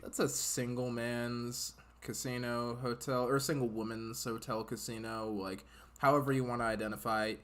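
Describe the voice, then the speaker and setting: Man, podcast host, casual chat, rambling, jokey, middle pitch. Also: level tone, moderate pace, fairly bright tone. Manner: rambling and jokey, laughs often.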